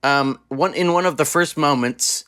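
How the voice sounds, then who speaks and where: A man co-hosting a podcast, chatting casually about a film with wry, deadpan humor and plenty of fillers. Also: a little high, normal speed, dry recording, clean studio sound. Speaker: podcast co-host. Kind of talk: casual film review chat.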